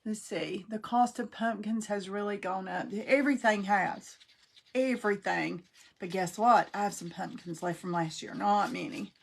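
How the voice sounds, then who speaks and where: A middle-aged woman with a drawl chats through a craft livestream, her voice a little gravelly and fry-tinged. She talks in a homey, folksy way, greeting viewers by name as she works on her project. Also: mid-range voice, normal speed.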